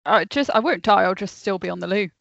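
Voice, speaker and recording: Gravelly woman cracking jokes on a call. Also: mid-range voice, animated, quick pace, dry recording. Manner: wry, joking asides. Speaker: podcast co-host. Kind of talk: casual chat over a video call. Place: on her bed at home. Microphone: video call. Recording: dull lo-fi call audio.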